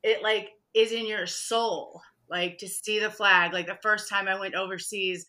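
A woman's voice: mid-range voice, fairly even intonation, normal speed, hardly any pauses, sharp tone. A woman guest in casual interview chat, talking in a chatty way, laughing often and acting out quotes. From Michigan, USA.

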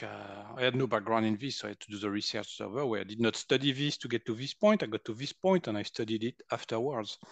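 A man's voice: medium pitch, dry recording. A man in his fifties from France with a French accent, a guest energy healer animatedly telling personal stories and acting out quotes. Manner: animated, acts out quotes, laughs often. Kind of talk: personal storytelling in conversation.

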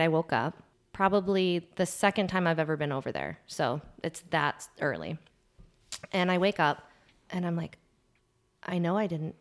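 A middle-aged woman hosting a casual podcast, telling a story with a lot of laughter and going quiet at the embarrassing parts. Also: on the low side. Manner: animated storyteller, laughs often, drops to a hushed voice at the embarrassing parts. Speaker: podcast host.

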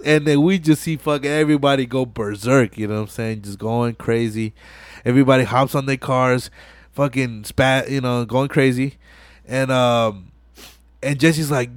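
A podcast host in casual chat, retelling a movie with lots of swearing and acted-out lines. His voice sits in a middle pitch. The mic is close and dry. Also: normal speed, no echo. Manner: animated, profane storytelling with acted-out quotes.

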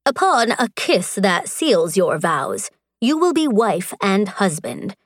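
A woman voicing a frightened male magistrate in an audiobook, halting and nervous. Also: medium pitch, big pitch swings, no echo, studio quality. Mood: hesitant. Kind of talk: audiobook character voice.

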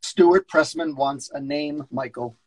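A man's voice: fairly high pitch, takes it slowly, a little mellow, husky. A man reading the part of a curmudgeonly older talent agent in a script read-through, flustered, stammering and sarcastic. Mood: exasperated.

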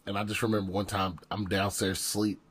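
A young man telling lively stories on a podcast, laughing often and acting out the lines he quotes. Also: lowish voice, brisk, breathy edge. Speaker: podcast co-host, former football and baseball player. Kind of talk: casual podcast storytelling.

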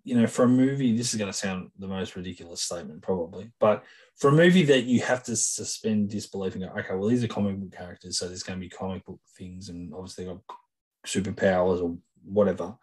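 Male podcast co-host, lowish voice, thoughtful, hedging talker. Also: fast talker, a little mellow, breathy edge, low-quality recording. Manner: thoughtful, hedging, repeats himself. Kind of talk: casual film discussion.

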